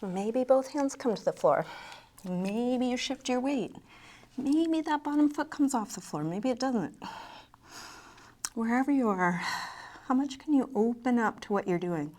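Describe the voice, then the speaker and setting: A woman teaching a yoga class, giving calm, unhurried movement cues with soft asides, slightly out of breath. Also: fairly high pitch. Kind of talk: guided yoga class instruction.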